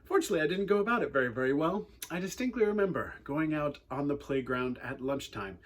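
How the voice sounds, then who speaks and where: Speaking quickly in a voice on the high side, an Englishman shares a personal story with young listeners. As a youth speaker he's animated and wry but also earnest, with his English accent clear.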